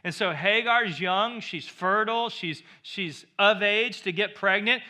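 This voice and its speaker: A male pastor preaching a sermon, shifting from loud emphatic lines to quiet, intense ones. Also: sits high, animated, normal speed, few pauses.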